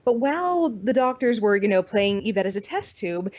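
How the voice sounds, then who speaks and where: A woman's voice: medium pitch, big pitch swings, moderate pace, darkish tone, dry recording. Chatty, swearing American woman. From United States. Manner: chatty storyteller who swears freely and acts out quotes. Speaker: podcast guest. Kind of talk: casual chat. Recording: dull dry recording.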